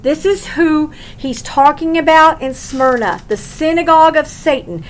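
High-voiced woman preaching emphatically. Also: measured pace, few pauses, poor audio. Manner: emphatic, conversational preaching with rhetorical questions. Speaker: Bible teacher. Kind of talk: sermon.

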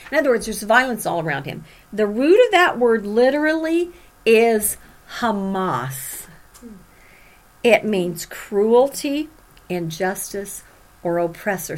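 A woman teaching from the Bible, reading scripture aloud and explaining it with dramatic emphasis. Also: on the high side. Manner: animated, dramatic emphasis when reading prophets' cries.

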